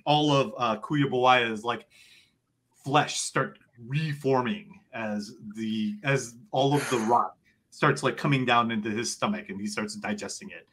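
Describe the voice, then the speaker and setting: A man narrating as game master of a tabletop game, loose and animated with many fillers. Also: mid-range voice.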